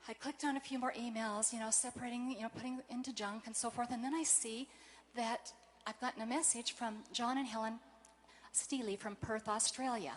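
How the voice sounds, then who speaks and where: A woman giving a motivational convention speech, telling personal stories in a warm, emotional way. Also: fairly high pitch, slight background noise. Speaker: convention speaker.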